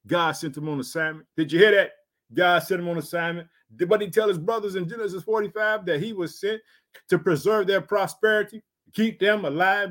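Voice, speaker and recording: A man preaching a sermon, reading scripture and repeatedly calling out to his listeners in a fervent, emphatic way. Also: fairly high pitch. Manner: fervent, repetitive call-outs like "did you hear that"; reads scripture aloud then exhorts, shifting loudness.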